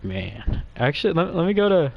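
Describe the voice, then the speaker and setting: A young man rambles through crude, silly tangents, his voice jumping all over the place. He talks quickly and quietly in a nervous, giggly way, like a guest chatting with streamers he admires. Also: on the high side, very animated, creaky, phone-quality sound. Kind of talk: rambling comedic chat.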